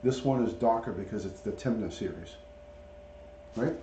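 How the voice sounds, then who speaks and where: At home in an echoey room with faint ambient hum, a middle-aged man who used to be a police detective hosts a relaxed livestream and shows his pet parrot. His mellow, lowish voice moves at a normal speed as he chats and reads out names from the chat, all in lo-fi sound.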